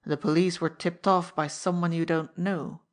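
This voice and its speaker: A woman doing a sharp, contemptuous gangster. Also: fairly low pitch, fairly even intonation, lightly acted. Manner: clipped, sharp, slow and emphatic. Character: cool, contemptuous male gangster.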